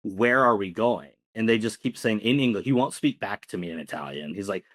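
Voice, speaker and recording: A man's voice: lowish voice, expressive, quick pace. A man co-hosting a podcast, telling a long story casually with many fillers. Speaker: podcast co-host.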